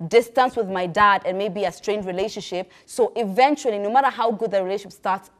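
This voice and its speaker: A woman's voice: medium pitch, a little fast. An earnest woman with a mid-range voice co-hosts a casual panel chat. She speaks emphatically, as if counseling the listener. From Kenya. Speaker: co-host.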